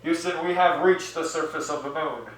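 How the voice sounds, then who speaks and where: A teenage boy plays an astronaut commander making flat, clipped radio calls in a slightly high voice. It is heard from a distance in a very echoey room with faint noise. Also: normal speed, lightly acted. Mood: deadpan. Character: deadpan astronaut commander radioing mission control. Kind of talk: high school duo interpretation.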